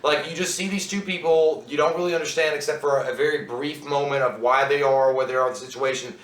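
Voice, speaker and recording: A man reviewing a horror movie in casual chat, profane and animated, often acting out characters' lines. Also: medium pitch, fast. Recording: echoey room, mic at a distance.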